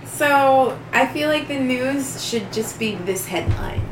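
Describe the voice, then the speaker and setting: A woman co-hosting a casual chat, blunt and laughing often, with sudden loud bursts. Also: sits high, slow pace. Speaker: podcast co-host. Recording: roomy echo, distant mic, noisy background.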